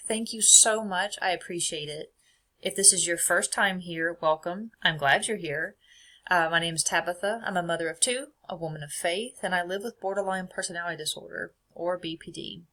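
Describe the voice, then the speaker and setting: A young woman talks through her own podcast in a friendly, chatty way, reading from notes and laughing often. Her voice sits a little low for a woman. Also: normal speed, bright, forceful tone. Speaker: podcast host. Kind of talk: casual faith podcast, read from notes.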